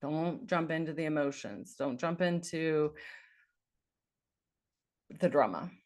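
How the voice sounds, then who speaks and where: A woman's voice: deep voice, takes it slowly, darkish tone. A woman life coach giving an earnest, encouraging talk, repeating phrases for emphasis.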